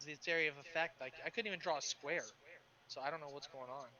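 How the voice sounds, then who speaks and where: A man talks quickly in a bright, fairly high voice as a player in an online tabletop game, hurrying along and repeating himself when something won't work. His voice comes through dull, lo-fi voice chat. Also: steady tone. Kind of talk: casual tabletop game talk.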